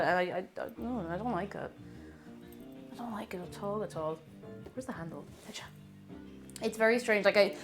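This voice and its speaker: A woman chatting casually to viewers while cooking live at home, reading out messages and greeting people, sometimes drifting away from the mic. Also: mid-range voice. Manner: chatty, reads chat aloud and greets viewers excitedly. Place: home kitchen. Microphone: moves away from mic while cooking.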